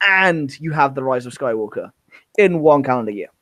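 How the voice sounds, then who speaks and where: A man's voice: mid-range voice, expressive, moderate pace, a bit bright, dry recording. A man co-hosting a podcast, chatting casually and gushing with enthusiasm. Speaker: podcast co-host. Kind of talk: casual fan discussion.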